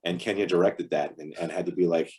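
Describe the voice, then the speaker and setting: A man guesting on an interview over a video call, chatting casually and telling lively stories with voiced quotes. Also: sits low, fast, breathy edge. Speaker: actor guest.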